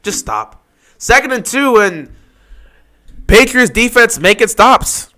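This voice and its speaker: A man's voice: extremely high pitch, big pitch swings, slow, sharp tone. A man hosting a casual live stream, talking over a football game and mocking upset fans with whiny impressions.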